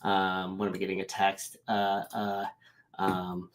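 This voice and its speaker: A man's voice: low-pitched, monotone, measured pace. A man hosting a live show, chatting loosely, rambling and stopping to answer viewers' comments. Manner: rambling, self-interrupting, reads live chat. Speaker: show host. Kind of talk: casual livestream chat. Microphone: desk mic.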